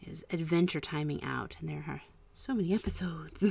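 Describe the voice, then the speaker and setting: A woman hosting a casual live stream at home, chatting and musing aloud while she paints, with soft trailing asides. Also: low-pitched, moderate pace, gravelly, breathy edge, no echo. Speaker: art channel host.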